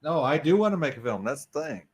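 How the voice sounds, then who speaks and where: A man's voice: on the high side, sing-song, fast, slightly rough. An American man in casual chat, brash and argumentative, swearing freely. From United States.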